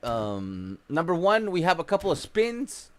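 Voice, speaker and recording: A man hosting a gaming livestream in casual chat, chatty and greeting viewers by name, his voice a bit rough from just waking up. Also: on the high side, sing-song, unhurried.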